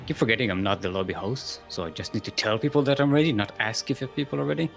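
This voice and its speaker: A man hosting and casting an esports tournament in a playful, rambling way, with booming ring-announcer introductions. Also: fast, vocal fry, fairly bright tone, soft background music. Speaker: tournament host and caster.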